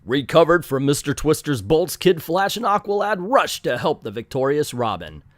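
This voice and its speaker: Man narrating a comic aloud with sarcastic jokes in between. His pitch is animated and a little high for a man. The recording is dry and close. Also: moderate pace, no echo. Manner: wry, sarcastic asides. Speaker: comic reader and reviewer. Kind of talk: reading a comic aloud with comic commentary.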